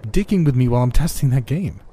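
A man voicing a jumpy, frightened young male game tester who shouts in fright and anger. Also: low voice, fairly even intonation, brisk, slightly rough. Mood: furious.

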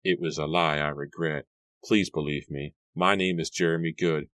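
A man voicing a troubled young farmhand from colonial times, speaking low, quiet and trembling. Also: steady tone, normal speed, dry recording.

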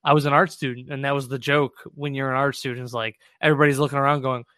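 A man in his late twenties or thirties hosting a casual chat in a relaxed, easygoing way. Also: medium pitch, fast talker, dry recording. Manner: relaxed, easygoing, laughs along.

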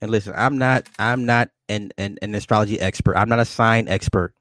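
A man hosting a livestream, answering viewers' questions in a loose, profane, rambling way and jumping up in pitch when he greets people. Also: fairly even intonation, brisk, a bit bright, dry recording. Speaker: livestream host reading chat. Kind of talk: casual livestream chat.

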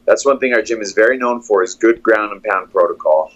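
Man as a steady fight coach, dull audio. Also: on the low side, fairly quick. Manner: steady, analytical play-by-play. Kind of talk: breaking down fight footage.

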